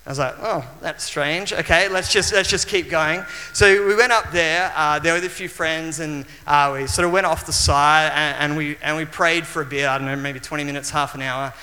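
Australian male preacher, fairly high and very bright tone, animated and restarting, church hall reverb. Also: moderate pace, few pauses. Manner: animated storytelling with frequent restarts. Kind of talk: sermon with personal storytelling.

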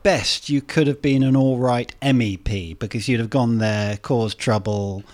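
A man, a podcast guest, chatting casually and telling stories with dry, deadpan humour. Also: mid-range voice, a little slow. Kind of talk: casual chat.

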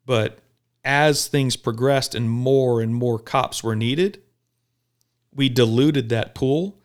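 A police officer talking bluntly and profanely in a casual podcast chat, telling animated stories. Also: male voice, mid-range voice, slow pace. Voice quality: gravelly.

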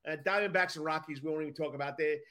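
Bright high-voiced sports podcast man. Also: rapid-fire, slight background noise. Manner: upbeat, steers the talk along. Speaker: podcast co-host. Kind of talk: casual sports chat.

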